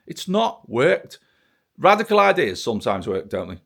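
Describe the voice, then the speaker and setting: A man's voice: mid-range voice, huge pitch swings, normal speed, gravelly, a bit bright. Sweary British man ranting to camera. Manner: angry, sweary, sarcastic ranting. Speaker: vlogger. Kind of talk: ranting political monologue to camera.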